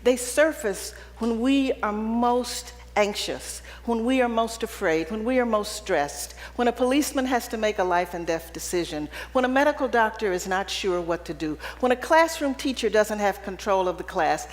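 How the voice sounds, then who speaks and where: Speaking to an audience in an event hall, this keynote speaker shares personal anecdotes in a funny, chatty way, frequently tossing in "right?". She sounds a little high and expressive, keeping a moderate pace with few pauses, and the room adds a long reverb.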